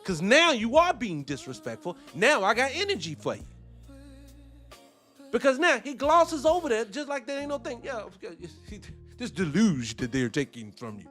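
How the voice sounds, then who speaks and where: High-voiced man in heated commentary. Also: normal speed, soft background music. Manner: animated, profane, rhetorical questions. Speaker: host reacting to a debate clip.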